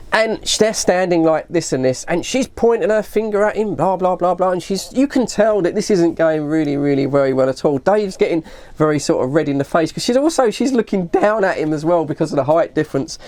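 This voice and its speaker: A woman's voice: sits low, expressive, brisk, darkish tone. A woman telling a long story in a casual, rambling way, often correcting herself and saying "you know". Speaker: vlogger.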